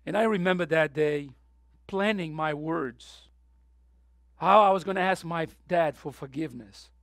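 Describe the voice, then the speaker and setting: A man preaching a sermon with passion, going from soft, tearful moments to loud, urgent appeals. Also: a little high, measured pace, no room sound, studio quality. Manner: impassioned, swings from soft to loud; emotional, near tears. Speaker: pastor.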